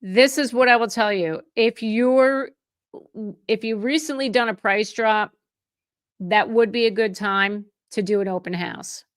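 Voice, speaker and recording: A woman's voice: fairly high pitch, measured pace. A middle-aged woman who is a real estate agent, hosting a livestream Q&A and answering viewer chat in a conversational way, often restarting and correcting herself mid-sentence. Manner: chatty and conversational, with frequent restarts and self-corrections; openly emotional and effusive toward viewers.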